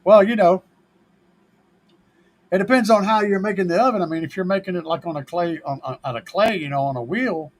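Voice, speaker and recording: A man's voice: sits high, a little fast, low-quality recording. A man hosting a car audio show, chatting casually and answering viewer questions in a laid-back, joking manner and swearing freely.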